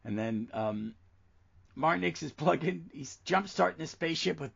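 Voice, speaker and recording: Male podcast co-host, gravelly, slightly higher voice, enthusiastic comics chat on lo-fi audio. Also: animated, a bit bright. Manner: enthusiastic, reads comic dialogue aloud with slow emphasis. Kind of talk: casual chat about comics.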